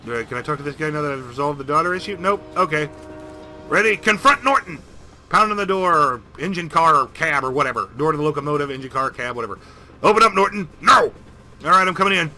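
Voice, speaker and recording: Fast, bright-voiced jokey gamer man. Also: on the high side. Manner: animated, jokey, rambling. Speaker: game streamer. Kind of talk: comedic let's-play narration.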